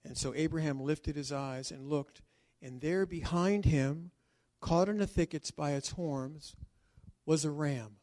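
A male pastor preaching a sermon emphatically, with dramatic pauses and stretched words. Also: fairly high pitch, a little mellow.

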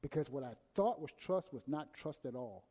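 A man delivering a sermon in a fairly high but mellow voice. He swings from loud, urgent emphasis down to near-hushed passages. A long reverb trails each phrase. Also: animated, moderate pace. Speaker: preacher.

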